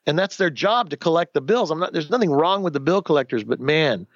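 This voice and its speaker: A man in his fifties telling his own story in a candid interview, animated, acting out the voices of the people he quotes, often restarting sentences. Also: a little high, brisk, no echo, lo-fi sound. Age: 50s.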